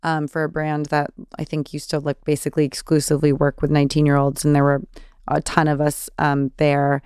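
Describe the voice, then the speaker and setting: Woman, 30s, Californian accent, vocal fry, rambling casual host talk, dry recording. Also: deep voice, completely flat delivery, a little fast, darkish tone, no room sound. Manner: chatty, many fillers and restarts. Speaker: podcast host. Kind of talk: casual solo Q&A.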